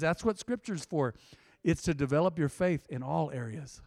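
A man preaching a sermon, swinging between loud swells and quiet, intimate drops. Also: on the high side, lively intonation, normal speed, gravelly, no echo, studio quality. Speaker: pastor. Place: church.

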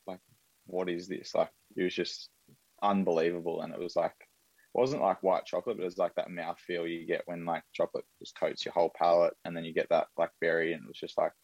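A man's voice: low-pitched, little pitch movement, fast talker, darkish tone, no room sound, highs cut off. A young man chatting casually as a podcast guest, rambling with lots of fillers and plenty of enthusiasm. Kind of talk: casual chat.

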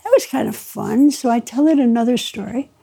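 Woman author, warm mid-high husky voice, animated storyteller who laughs through her tales. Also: brisk. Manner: lively raconteur, mimics dialogue, laughs often. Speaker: author being interviewed. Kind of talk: anecdotal storytelling.

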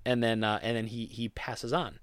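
A man of middle pitch talks through a movie's ending in a loose, rambling way, stopping to correct himself and chuckling now and then. The sound is dry and close, with no room around it. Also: flat delivery, moderate pace, a bit bright, smooth, dry recording. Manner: rambling, self-correcting, quoting characters with laughs. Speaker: movie fan recapping a film. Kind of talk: casual retelling.

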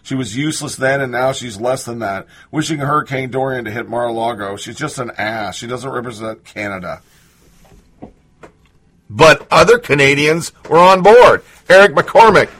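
A man with a husky voice reads out news items and quotes and keeps cutting in with sarcastic, indignant asides. He talks at a mid pitch, in a loose commentary style. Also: expressive, normal speed, a bit bright. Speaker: political commentator. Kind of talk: reading and reacting to news.

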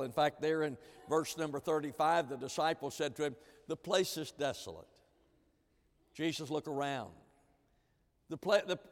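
A man preaching a sermon as pastor, retelling scripture and acting out the disciples' words. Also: fairly high pitch. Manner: preaching with dramatized quotes of disciples. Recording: long reverb of a large hall.

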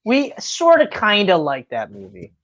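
A woman co-hosting a casual chat, animated and laughing, who swears freely. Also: medium pitch, a little slow, lo-fi sound. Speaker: co-host.

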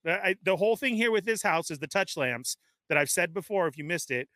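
An energetic male host greets his live chat with rambling, upbeat shout-outs. His voice is bright and forceful, a touch high, recorded dry and close at a home webcam setup. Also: brisk, no room sound. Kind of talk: live-stream casual chat.

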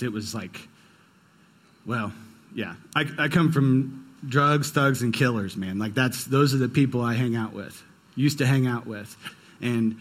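A young man preaching a sermon, telling a personal story in a casual, conversational way. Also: medium pitch. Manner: conversational, storytelling with quoted dialogue. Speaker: pastor.

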